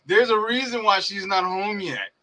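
A young man co-hosts a casual sports podcast, ranting heatedly and profanely and laughing as he goes. His voice is high, bright, and forceful, at a moderate pace, and the recording is rough.

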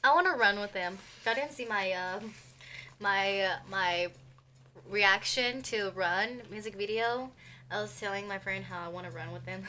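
A young woman, unboxing an album as a vlogger and gushing like an excited fan, with squeals and gasps between chatty asides. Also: mid-range voice, normal speed, a little hiss or hum.

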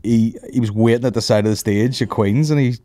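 A man chatting on a podcast in a rambling, halting way, as a fellow comedian. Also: mid-range voice, mellow, dry recording, studio quality. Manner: rambling, halting, full of restarts. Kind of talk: casual podcast chat.

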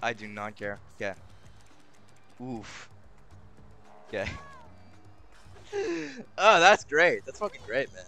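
Animated young man swearing at a game. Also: lowish voice, slow pace, long pauses, soft background music. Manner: swears constantly, bursts into exasperated shouting. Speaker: game streamer. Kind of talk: live gaming commentary.

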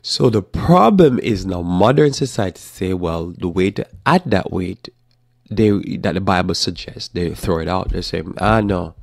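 A man hosting a live Bible teaching talk, speaking informally and acting out parents and children in quick asides. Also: sits low, animated, gravelly, dry recording, clean studio sound.

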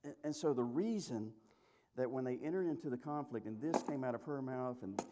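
A man's voice: medium pitch, brisk, noisy background. A male pastor preaching a sermon, telling a story in a folksy, humorous way with lots of restarts.

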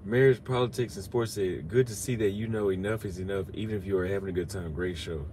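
A man's voice: deep voice, fairly even intonation, quick pace, warm tone, a little hiss or hum. A drunk man in a casual live-stream rant, profane and ranting, out on a city street at night. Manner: profane, ranting, slurring from drink.

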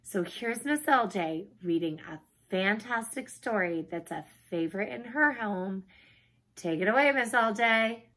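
A woman's voice: medium pitch, animated, a little slow, a bit bright. A woman childcare teacher hosting circle time, talking to young children in an enthusiastic, encouraging way.

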